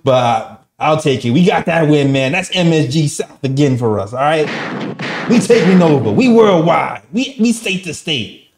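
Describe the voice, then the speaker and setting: A man's voice: a little high, lively intonation, normal speed, slight background noise. A man co-hosting a postgame show, talking in a hyped, slangy, joking way. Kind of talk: casual sports chat.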